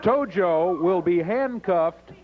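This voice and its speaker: A man hosting a wrestling TV show, calling the action and interviewing a wrestler in an excitable manner. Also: high voice, takes it slowly, music in the background. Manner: excitable, reads stipulations aloud. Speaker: wrestling TV host and commentator. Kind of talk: play-by-play commentary and interview. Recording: lo-fi early-90s TV broadcast with crowd noise.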